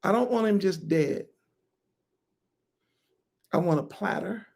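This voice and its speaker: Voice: medium pitch, slow pace, vocal fry, darkish tone, pitched below the performer's own voice. A preacher voicing a cold scheming queen. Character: scheming queen mother demanding a head.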